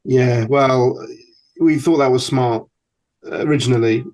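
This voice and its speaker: A man in his forties hosting a podcast, asking questions in a thoughtful, halting way. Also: medium pitch, steady tone, a little mellow. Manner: thoughtful, halting, many restarts. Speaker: podcast host. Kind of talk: interviewing, casual chat.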